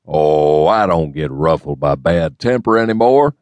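A calm, seasoned male lawman, voiced by a man in an audiobook, easygoing and philosophical in tone. The voice is low but lifts a little above the narration. It is recorded close and dry. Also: moderate pace, dry recording. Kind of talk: audiobook character reading.

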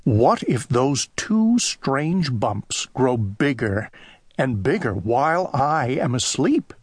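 A man voicing a fussy, kindly little male owl in a children's audiobook, in a high, excitable, sing-song voice. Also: takes it slowly, husky, no echo, studio quality, exaggerated voice. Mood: worried.

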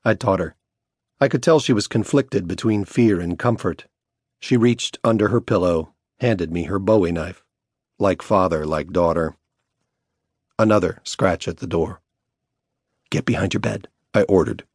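A man narrating a first-person audiobook in a measured, hushed storytelling manner, recorded close on a studio mic. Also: deep voice, no room sound.

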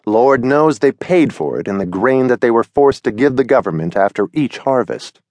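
A man narrating a children's storybook in an expressive storytelling manner, on a close studio mic. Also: mid-range voice, moderate pace, no room sound. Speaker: audiobook narrator.

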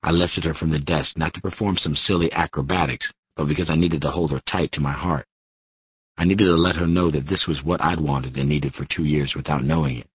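A man narrating an audiobook in an unhurried first-person voice. His voice is extremely deep with a husky grain, recorded dry and close with a somewhat dull, muffled top end. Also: no room sound. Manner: steady first-person storytelling. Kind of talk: scripted narration.

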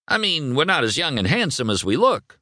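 A cheerful, folksy older male car from a storybook, jovial and teasing, pitched well above a plain speaking voice as a man puts him on. The recording is dry and close. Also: sing-song, fairly quick, bright, forceful tone, no echo.

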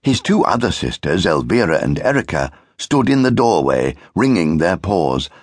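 A man narrating a children's audiobook in an expressive storytelling manner. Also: low voice, moderate pace, breathy edge, no room sound, clean studio sound. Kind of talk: scripted narration of a children's book.

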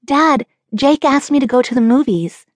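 A woman's voice: high voice, moderate pace, no echo, voice pushed up. A woman narrator voicing a pleading, whiny seventeen-year-old girl in an audiobook. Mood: exasperated. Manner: excited, pleading, exaggerated. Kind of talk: audiobook character voice.

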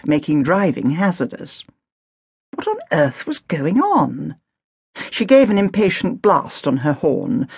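A woman reads a novel aloud in crisp, expressive storytelling, her pitch moving with a lively lilt. The tone is gravelly and a little husky, and the recording is dry and close with no room sound. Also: dry recording. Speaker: audiobook narrator. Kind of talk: scripted narration.

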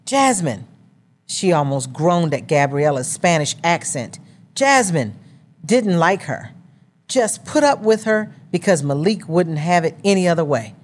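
A woman reading a novel as an audiobook narrator in a measured storytelling manner. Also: low-pitched, darkish tone.

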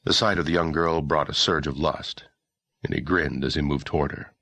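A man narrating a historical novel audiobook in a measured, expressive storytelling manner. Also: rumbling low, no room sound. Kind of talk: scripted narration.

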